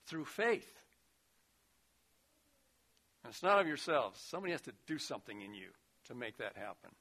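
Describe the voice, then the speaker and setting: A man preaching a sermon, earnest, rising to loud emphasis and dropping to a hushed voice. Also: medium pitch, big pitch swings, quick pace, hardly any pauses. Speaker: pastor.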